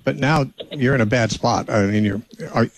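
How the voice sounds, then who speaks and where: A man's voice: medium pitch, normal speed, background noise. Plain-spoken male radio host. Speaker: radio call-in show host. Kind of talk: call-in radio Q&A.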